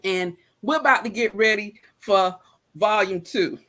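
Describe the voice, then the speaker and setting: A woman's voice: mid-range voice, a little slow, bright, forceful tone. A woman hosting a casual live-stream chat over a video call, chatty and affectionate, laughing often. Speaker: host.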